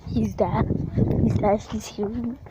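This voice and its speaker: A woman's voice: mid-range voice, fairly even intonation, a little slow, heavy background noise. A woman from Portugal rambling casually and defiantly in a vlog outdoors at night, swearing now and then. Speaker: vlogger. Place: outdoors at night during fireworks.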